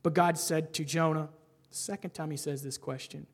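A man preaching a sermon in a conversational, animated way, often checking in with his listeners and rising to stress points. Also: a little high, normal speed. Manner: conversational, frequent "right?" asides. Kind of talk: expository sermon.

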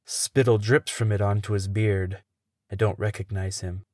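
A man who hosts a podcast, telling a tense first-person story in a measured way. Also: on the low side, fairly even intonation, a little mellow, no echo, studio quality.

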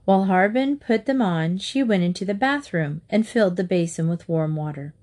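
Brief: female narrator, expressive children's book reading. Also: fairly low pitch, normal speed.

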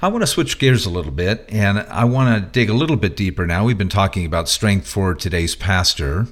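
A man's voice: fairly low pitch, expressive, a little fast. A man hosting a ministry podcast, jovial and easygoing, laughing easily between questions. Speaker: podcast host. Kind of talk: podcast conversation.

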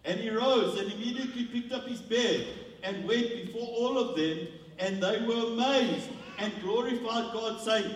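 A man's voice: very high-pitched, moderate pace. A man from South Africa preaching a sermon as a guest, playful and joking with the congregation. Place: large church hall. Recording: echoey hall, from far off.

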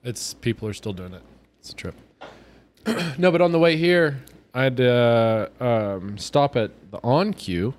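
A man's voice: mid-range voice, expressive, measured pace. A man casually chatting on a podcast, telling rambling anecdotes and acting out the people in them. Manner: rambling anecdotes, acts out voices in quotes. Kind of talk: casual chat, storytelling.

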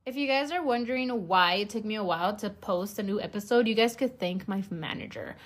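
A woman's voice: medium pitch, brisk, soft background music. A young woman hosts her podcast in a loose, casual chat. She swears freely, jokes constantly and rambles along with plenty of filler words. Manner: profane, joking, rambling with many fillers. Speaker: podcast host.

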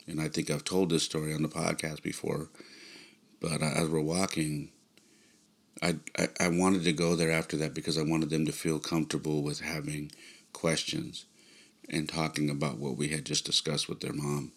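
Low, gravelly man telling stories. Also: level tone. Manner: halting, with fillers and restarts. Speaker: podcast host. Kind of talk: reflective personal storytelling.

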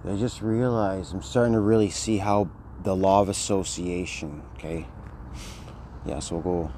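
A man's voice: low-pitched, fairly even intonation, moderate pace, dark tone. Rambling man over street noise. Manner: rambling, slangy, says "dude" a lot. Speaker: vlogger. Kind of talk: casual rambling monologue.

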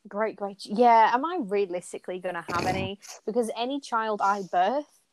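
A woman co-hosting a casual chat, blunt and animated, swearing freely. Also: mid-range voice, normal speed, background noise.

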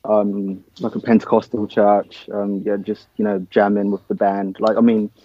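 Low, flat-voiced young Nigerian-born drummer. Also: male voice, normal speed, no echo, muffled recording. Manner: relaxed, filler-heavy, says man and dude. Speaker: band drummer. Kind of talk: casual interview chat.

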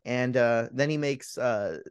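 A man's voice: mid-range voice, a little slow, clear, resonant tone, dry recording, studio quality. Rambling, profane male podcast co-host. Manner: rambling, profane, with many restarts. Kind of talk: casual chat retelling a film.

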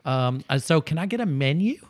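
A man putting on a loud, drawling, over-friendly American woman tourist, pitched well above his own voice. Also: animated, brisk, lightly acted. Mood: brash.

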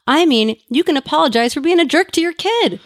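A woman in her thirties, a parenting expert guest telling candid, animated stories on a podcast. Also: high voice, fairly quick, no echo, clean studio sound. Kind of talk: casual podcast conversation.

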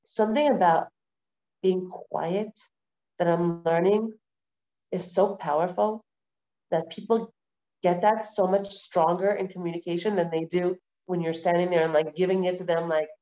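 A woman teaching a live online Torah class, lecturing in a lively, conversational way with repeated phrases and rhetorical questions. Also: fairly low pitch, moderate pace, highs cut off. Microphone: video call.

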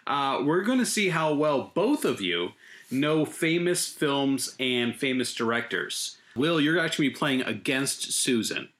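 A man hosting a film podcast, speaking in a relaxed way and explaining things plainly. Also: medium pitch, a little slow. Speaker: podcast host.

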